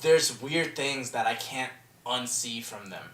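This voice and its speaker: A young man talks movies with a co-host on a podcast, animated and loose with his swearing. His voice is bright and forceful, and the room around him sounds echoey. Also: mid-range voice, a little slow. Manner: animated, mimics film characters, swears. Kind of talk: casual chat about movies.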